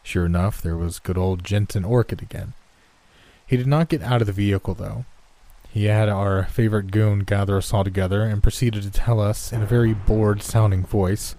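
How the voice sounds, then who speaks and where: Deep-voiced male horror narrator. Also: fairly even intonation, normal speed, dark tone, dry recording. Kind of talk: scripted horror story narration.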